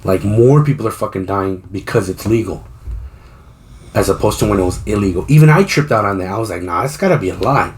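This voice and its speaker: A man's voice: lowish voice, fairly quick. A man hosting a podcast, retelling a story in a rambling, profane, casual way, acting out the people he quotes. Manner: acts out quoted voices while retelling. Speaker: podcast host. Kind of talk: casual chat.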